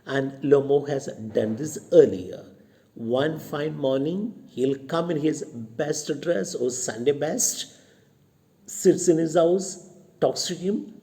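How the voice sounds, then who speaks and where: A man's voice: medium pitch, dark tone. A male college English lecturer with an Indian English accent, explaining a play to students and retelling each line in simple words.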